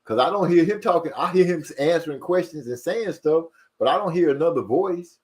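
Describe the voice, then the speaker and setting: A man hosting a casual livestream, reading viewer comments aloud and rushing and stumbling over his words. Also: fairly high pitch, lively intonation, a little mellow. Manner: fast-talking, rushes and stumbles over words. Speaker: livestream host.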